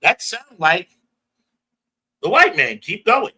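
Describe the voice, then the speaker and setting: A high, sing-song, slow voice with vocal fry, brightness, force, and a breathy edge belongs to an American man teaching a Bible class. Emphatically, he prompts a reader, uses call-and-response, and puts the verses into everyday slang.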